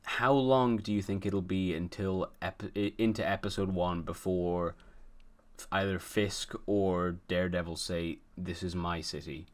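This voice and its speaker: Low-voiced man chatting on a podcast. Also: fairly even intonation, unhurried. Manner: chatty, mocking quotes of film dialogue. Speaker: podcast co-host. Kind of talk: casual chat.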